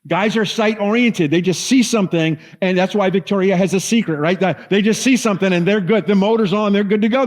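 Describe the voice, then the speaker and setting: A middle-aged man preaches a sermon in a fairly high voice. He tells loose, animated stories full of asides and little fillers. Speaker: pastor.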